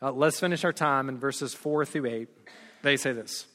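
A pastor in his forties preaching a sermon, telling stories with rising energy and dropping to soft, earnest tones. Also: medium pitch, normal speed. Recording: long hall reverb.

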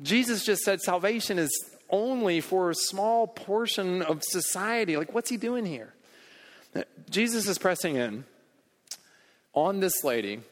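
A man preaching a sermon as pastor, earnest and emphatic, often repeating words as he goes. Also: fairly high pitch. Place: church hall. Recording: long reverb in a large hall.

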